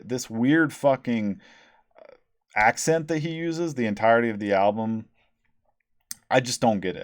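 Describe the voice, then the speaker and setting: A man's voice: on the low side, darkish tone, no room sound, clean studio sound. A man hosting a casual, profane album review, rambling and sarcastic, with many ums and restarts. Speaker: podcast host reviewing albums.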